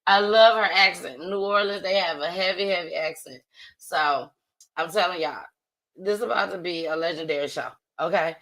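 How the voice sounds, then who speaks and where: Lively, slangy woman hosting a livestream. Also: fairly low pitch, moderate pace, low-quality recording. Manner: loud, playful, slangy, laughs often. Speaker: host. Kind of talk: casual livestream talk show chat.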